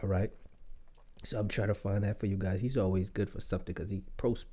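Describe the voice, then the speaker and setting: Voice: sits low, fairly even intonation, fairly quick, warm tone. A podcast host in casual chat, joking and swearing freely while reacting to clips.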